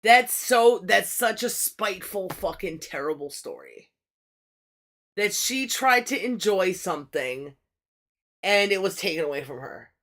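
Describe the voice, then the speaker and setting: Slow-talking woman musing on a livestream. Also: mid-range voice, animated, fairly bright tone. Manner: blunt, profane, musing aloud. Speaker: livestream host. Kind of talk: casual bible reading and commentary.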